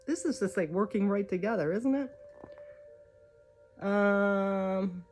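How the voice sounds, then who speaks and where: A woman's voice: mid-range voice, slow pace, a little mellow. A woman reading oracle cards, chatty and encouraging, thinking aloud as she goes. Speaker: tarot card reader. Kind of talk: spiritual card reading. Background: faint music.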